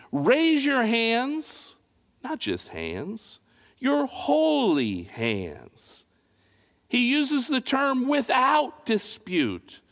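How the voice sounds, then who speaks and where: A man's voice: extremely high pitch, a bit bright. Man preaching in an echoing hall. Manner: dramatic, rising and falling preaching with rhetorical questions. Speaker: pastor. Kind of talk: sermon. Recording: long reverb of a large hall.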